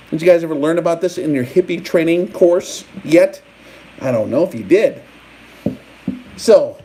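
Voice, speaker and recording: A man's voice: a little high, darkish tone, rough recording. A man hosting a live stream, rambling and mock-taunting his audience with rhetorical questions. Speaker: livestream host.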